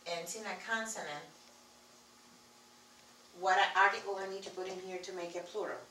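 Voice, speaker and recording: Heard from a distance in an echoey classroom, a woman teaches Spanish in English with a Spanish accent, writing on the board and patiently repeating key words. Her fairly low voice is steady, bright and forceful at a moderate pace, with slight hiss or hum.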